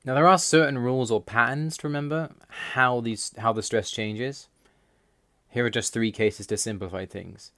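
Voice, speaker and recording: A man giving a scripted voice-over explanation, reading out word lists slowly and in a measured way. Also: medium pitch, steady tone, bright, forceful tone, no echo, studio quality. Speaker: language learner explaining Russian.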